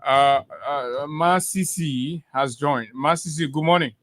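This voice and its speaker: A man hosting a call-in talk show, greeting callers briskly. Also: a little high, a bit bright, no echo. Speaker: host.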